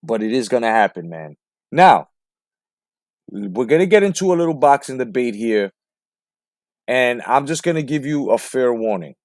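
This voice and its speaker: A man's voice: medium pitch, sing-song, moderate pace, long pauses, a little mellow, no room sound, clean studio sound. A man hosting a late-night boxing talk show, ranting heatedly and profanely and firing off rhetorical questions. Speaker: host.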